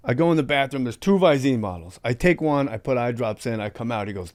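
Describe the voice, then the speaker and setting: A man hosting a podcast, telling profane, animated stories in casual chat and acting out the people he quotes. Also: mid-range voice, fast talker, no room sound, studio quality. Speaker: podcast host.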